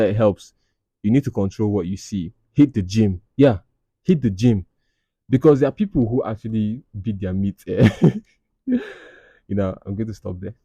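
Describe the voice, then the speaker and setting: A man's voice: lowish voice, warm tone, no room sound, muffled recording. Dry-voiced Nigerian man, wry podcast host. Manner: wry, mocking asides with Pidgin phrases. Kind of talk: casual commentary reading out anonymous confessions.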